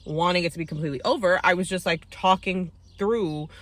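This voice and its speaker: Bright-voiced, blunt woman ranting through a recap. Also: on the low side, a little fast, no room sound. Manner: blunt, profane, heated and opinionated; acts out quotes of the cast mid-story. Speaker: TV recap host. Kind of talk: casual reality-show recap commentary.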